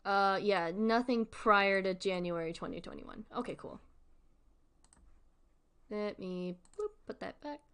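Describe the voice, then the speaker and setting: Giggly, unhurried woman streamer. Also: medium pitch, a bit bright, clean tone. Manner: giggly, rambling, self-correcting. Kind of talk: casual commentary on a web series.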